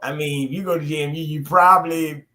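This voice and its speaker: A man's voice: a little high, quick pace, echoey room, a little hiss or hum. Profane storytelling man. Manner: animated, profane, laughs through his stories. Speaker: podcast co-host. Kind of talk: casual storytelling chat.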